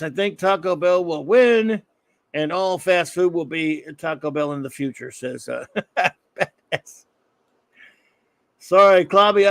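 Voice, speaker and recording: A man's voice: fairly high pitch, no room sound. A middle-aged man hosting a live stream, rambling and joking as he answers chat comments. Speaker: live-stream show host.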